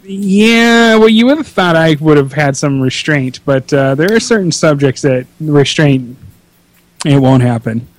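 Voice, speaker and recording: A man's voice: a little high, expressive, measured pace, dry recording. A man co-hosting a casual podcast chat, talking in a rambling, hesitant way with many restarts. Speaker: podcast co-host.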